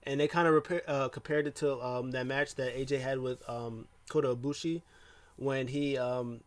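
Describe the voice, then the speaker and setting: A man's voice: medium pitch, fairly even intonation, normal speed. Rambling man recapping wrestling. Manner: rambling, heavy with fillers and restarts. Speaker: wrestling show reviewer. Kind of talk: casual recap talk.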